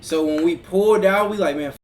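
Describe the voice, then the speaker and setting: A man's voice: sits high, brisk. A man hosting a stream, chatting casually in a laid-back, slangy way and talking to his chat. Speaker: streamer host. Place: room at home. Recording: mic at a distance, faint hiss.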